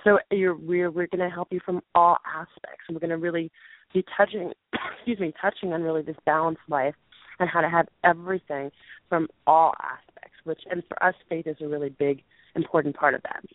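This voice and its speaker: A late-twenties woman, hoarse and losing her voice, co-hosts a call-in show and casually announces things fairly quickly in a low voice with fairly even intonation. She rambles earnestly, clearing her throat and restarting. The dry recording comes through a thin, tinny phone line.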